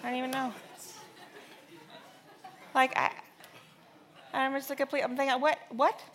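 Woman preacher, 30s, bright slightly high voice, animated storyteller. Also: measured pace, a faint crowd, a little hiss or hum. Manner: storytelling with animated, exaggerated re-enactments. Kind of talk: sermon.

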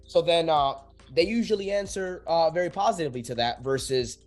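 A young man who works as a real estate agent talks casually on a podcast, explaining sales calls by acting out both sides and swearing freely. His voice is fairly high-pitched and a little fast, with soft music in the background.

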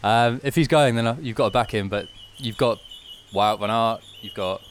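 A man from South Wales with a British accent, a doctor interviewed as a guest rider, modest and quick to laugh. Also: medium pitch, a little hiss or hum. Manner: modest, laughing easily, hesitant fillers. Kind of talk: casual interview.

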